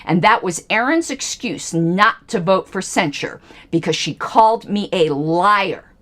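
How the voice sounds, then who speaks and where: A woman's voice: medium pitch, expressive, unhurried, a bit bright. A woman hosting a livestream, giving angry, emphatic political commentary with pointed repetitions. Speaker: livestream host.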